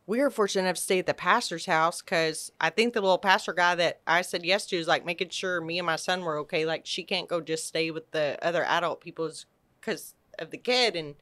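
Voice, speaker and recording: A middle-aged woman from Texas telling an animated personal story on a podcast, acting out quotes and restarting her sentences. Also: on the low side, moderate pace. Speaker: podcast guest. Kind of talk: casual storytelling.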